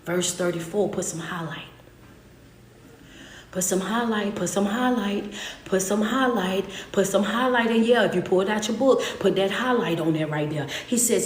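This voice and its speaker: A woman's voice: medium pitch, normal speed, reverberant, slight background noise. A woman preaching a sermon as a motivational speaker, in impassioned call-and-response style with repeated phrases.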